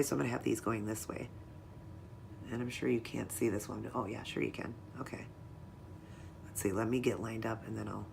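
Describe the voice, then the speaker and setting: Working through a nail art tutorial step by step, a woman with a rumbling low voice talks casually to her viewers the whole time, against slight background noise.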